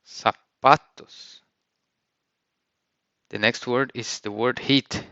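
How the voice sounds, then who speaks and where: A man teaching vocabulary in a lesson, saying each word slowly and clearly and repeating it twice. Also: mid-range voice, sharp tone, no echo, highs cut off. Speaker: language teacher.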